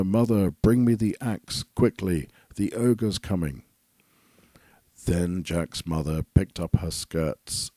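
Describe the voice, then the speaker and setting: A male storyteller reads a fairy tale in a very low, dark voice. The tone is husky. The recording is dry and close. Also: dry recording. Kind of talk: storybook narration.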